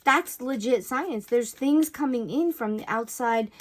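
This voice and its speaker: A woman's voice: a little high, a little slow. Woman, intuitive reader, casual and rambling delivery, prone to exclaimed asides. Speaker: intuitive reader giving a collective message. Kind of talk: casual spiritual guidance talk.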